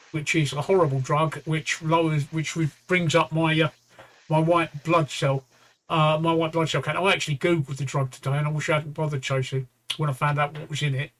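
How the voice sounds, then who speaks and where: A tired man in his fifties or sixties, co-hosting a livestream chat in a rambling, halting way with frequent restarts and the odd swear word. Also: on the high side, level tone, a bit bright. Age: 50s-60s. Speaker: livestream co-host. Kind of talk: casual chat.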